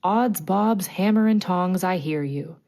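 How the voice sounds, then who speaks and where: A woman's voice: lowish voice, measured pace, a little mellow. A woman voicing a cocky boy who mimics a pirate captain in a bold, mocking voice.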